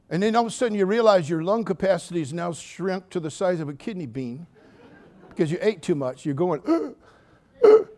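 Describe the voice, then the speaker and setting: An older male pastor preaching to his church, slightly high-voiced. He jokes and tells stories with a lively delivery and sudden loud bursts. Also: normal speed, long pauses. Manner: humorous, animated storytelling with sudden loud outbursts. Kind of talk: sermon.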